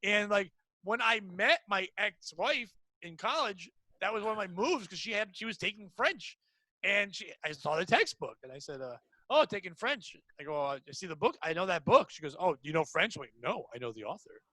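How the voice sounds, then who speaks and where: A man co-hosting a podcast, joking loudly in crude casual banter and breaking into shouted bits. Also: high-pitched, sing-song, brisk, no room sound. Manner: loud, joking, bursts into sung bits and shouts. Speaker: podcast co-host.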